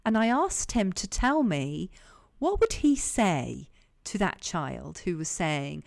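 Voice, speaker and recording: A woman leadership coach guiding an online group session, calm and encouraging, repeating her key questions. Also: medium pitch, slow pace, gravelly. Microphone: online call.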